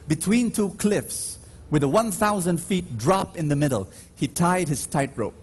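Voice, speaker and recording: A preacher at Mass, his voice a little high, animated and edged with breath, speaks emphatically to a large church. His congregation answers his calls, and he stretches out his stories with dramatic rises.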